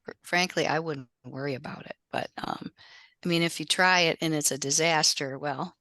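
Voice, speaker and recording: A woman's voice: low voice, fairly even intonation, moderate pace, pushed and bright, no room sound. A woman from library staff in a roundtable discussion, speaking frankly and reassuringly with emphasis.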